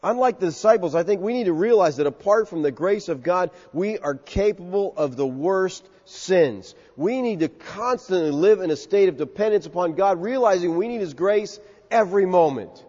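High-voiced preacher in a reverberant hall. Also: male voice, animated, normal speed, a little mellow. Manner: emphatic, conversational preaching with acted quotes. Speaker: pastor. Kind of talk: expository sermon. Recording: muffled sound with long hall reverb.

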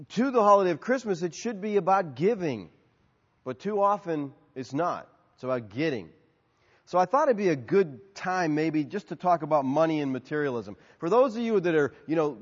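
A man with a high voice preaches a sermon in an easy, conversational way. His words ring out with a long reverb, and the recording sounds dull and lo-fi. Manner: conversational, storytelling with acted-out shouts. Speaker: pastor.

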